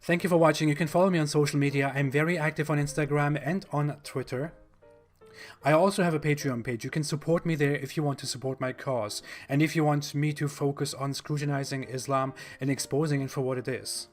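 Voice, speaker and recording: A man with a German accent hosting a video, talking in a blunt, mocking monologue with pauses and fillers. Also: on the high side, fairly even intonation, faint music behind. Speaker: video host.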